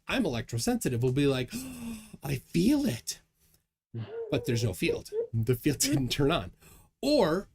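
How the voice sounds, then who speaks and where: A man hosting a casual livestream, chatting and reading viewer comments aloud with a chuckle. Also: on the high side. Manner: lively, chuckling, reads chat aloud. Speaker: livestream host.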